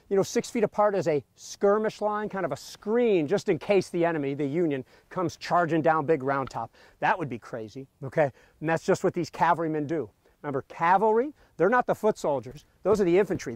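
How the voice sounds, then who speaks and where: A man with a fairly high voice leads a group across a battlefield and tells its history with lively energy. He keeps tagging his points with a quick "okay?". His voice sounds close and dry, with little room sound around it. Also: dry recording. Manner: lively storytelling, tags lines with "okay?". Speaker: battlefield tour guide. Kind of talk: outdoor history lecture to a group. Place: outdoors on a battlefield.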